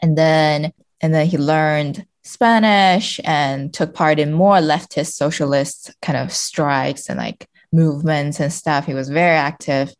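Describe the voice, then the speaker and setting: A woman from China, a guest on a podcast, talking casually with lots of fillers and restarts. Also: deep voice. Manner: chatty, many fillers and restarts, laughs often.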